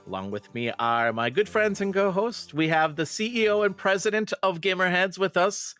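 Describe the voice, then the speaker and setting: A man's voice: sits high, expressive, moderate pace, fairly bright tone, smooth, dry recording, faint music behind. A man hosting a gaming podcast in casual chat, laughing easily and stumbling over his words now and then. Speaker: podcast host.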